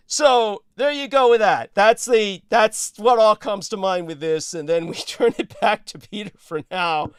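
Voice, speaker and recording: A man's voice: high-pitched, smooth, no room sound, clean studio sound. A man hosting a talk show, telling digressive anecdotes in a casual, profane way and laughing between sentences. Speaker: podcast host. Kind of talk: rambling anecdotal storytelling.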